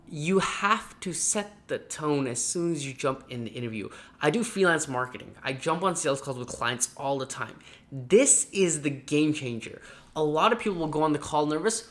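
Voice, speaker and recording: Energetic guy doing a career advice vlog to camera, lively, close mic. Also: fairly high pitch. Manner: energetic, animated, acts out quick mock dialogues. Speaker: marketing coach.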